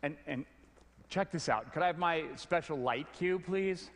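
A middle-aged man giving a storytelling talk on stage, animated, often stumbling over repeated words. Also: a little high, a little slow, a little hiss or hum. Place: large hall before an audience. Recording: long hall reverb.

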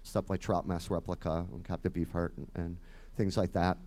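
Michigan guy in his 50s, bit nasal, lowish voice, rambles on and trails off soft. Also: flat delivery, normal speed, slight background noise. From Detroit area, Michigan. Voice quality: slightly nasal. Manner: rambling, chatty, trails off quietly. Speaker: musician guest. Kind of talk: casual chat.

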